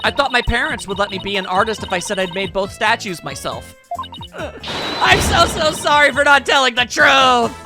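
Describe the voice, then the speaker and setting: Man playing a slangy, brash teen girl; pitched way up, bouncy, music behind. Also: normal speed, gravelly, heavily acted. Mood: confessing. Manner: slangy, excitable. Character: brash teenage girl art student. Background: game music.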